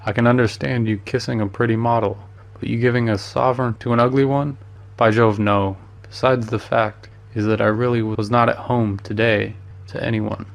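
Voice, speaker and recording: This man's mid-range voice is creaky and flat, moving at normal speed and staying close to how he'd normally talk. He voices a worldly, witty painter who teases a friend in a breezy, amused way, lightly dropping in French phrases.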